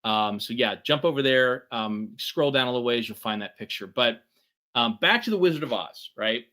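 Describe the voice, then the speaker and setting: A middle-aged man leads a relaxed workshop conversation with a bright tone. He fills his talk with ums and keeps checking in with "right?". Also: mid-range voice, normal speed. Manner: conversational, many fillers and tag questions. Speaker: podcast co-host.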